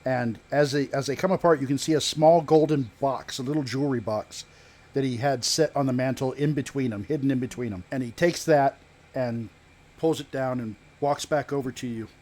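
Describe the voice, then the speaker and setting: Measured male game master narrating. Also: medium pitch, a little mellow. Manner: halting, measured narration with pauses and restarts.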